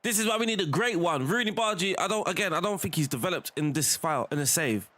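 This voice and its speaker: A young man talks through a football management game in a loose, chatty way, laughing easily and dropping "bro" and "innit". His pitch sits a little high and swings around a lot. The sound is close and dry, with almost no room around it. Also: lively intonation, quick pace, pushed and bright, no echo. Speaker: gaming streamer. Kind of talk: casual game commentary.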